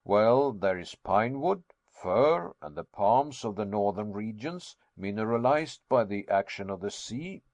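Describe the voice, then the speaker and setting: A man's voice: mid-range voice, expressive, a little slow, darkish tone, no echo, dull audio, close to an everyday voice. A man voicing a confident, learned older professor who lectures emphatically. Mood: lecturing.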